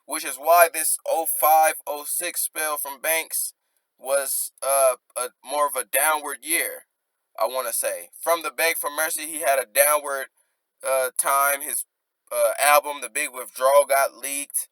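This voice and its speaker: A man with a fairly high, bright, forceful voice talks through rap lyrics line by line in casual slang. He rereads each bar and then explains it. The sound is dry and close. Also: steady tone, measured pace, no room sound. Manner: rereads lines, then unpacks them with loose slang. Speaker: rap commentator.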